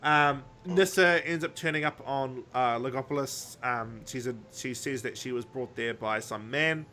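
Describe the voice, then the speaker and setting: On a podcast, a male co-host casually recaps a story, rambling and joking with plenty of ums. His mid-range voice moves at a moderate pace with a bright, forceful tone, and there's slight background noise.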